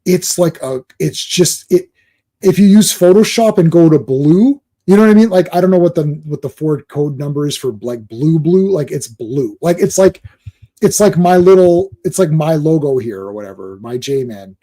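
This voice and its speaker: A man hosting a live stream, ranting and swearing, dropping into quick impressions of other people. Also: a little high, expressive, warm tone. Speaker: host.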